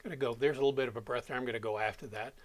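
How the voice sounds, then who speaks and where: A man's voice: mid-range voice, fairly even intonation, racing. A man explaining audio editing step by step, as an instructor walking students through a tutorial. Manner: plain step-by-step explaining, self-correcting.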